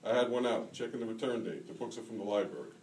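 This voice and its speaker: A man's voice: on the low side, lively intonation, fast, darkish tone, close to an everyday voice. A man reading aloud, voicing a wisecracking, foul-mouthed fifteen-year-old city boy in a roomy hall recorded from a distance. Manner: mocking, crude, smart-mouthed. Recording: roomy hall, taken from far off.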